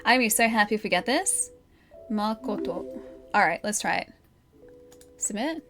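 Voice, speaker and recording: A woman's voice: mid-range voice, animated, moderate pace, fairly bright tone, faint music behind. An Australian woman streaming live, casually thinking aloud and chatting with her viewers.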